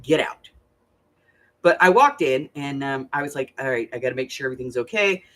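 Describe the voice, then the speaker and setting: An older woman, a grandmother, telling a family story in a chatty, animated way and swearing freely. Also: extremely low pitch, fast talker. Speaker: crafting channel host. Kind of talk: casual storytelling chat.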